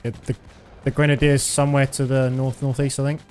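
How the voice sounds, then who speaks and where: A man's voice: medium pitch, level tone, a little fast, darkish tone. Man chatting through a shooter game. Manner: chatty, self-mocking running commentary. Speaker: streamer. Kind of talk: casual gameplay commentary.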